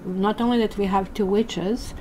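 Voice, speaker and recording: A woman's voice: medium pitch, fairly even intonation, normal speed, a little mellow, a little hiss or hum. A woman doing a chatty live tarot reading for viewers, full of fillers and asides. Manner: chatty, addresses viewers as guys, many fillers. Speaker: tarot reader.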